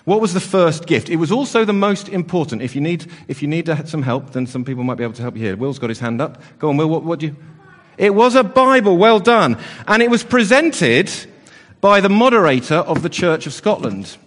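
Guy leading a kids church talk, playful and chatty, slightly high voice, long church echo. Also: expressive, fairly quick. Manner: chatty and playful, many fillers and restarts. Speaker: church service leader. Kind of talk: all-age church talk with children.

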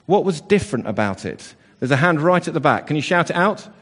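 A man's voice: fairly high pitch, big pitch swings, a little fast, a bit bright. A man leading an all-age church service, chatty and playful with the children, with lots of fillers and restarts. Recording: long church reverb.

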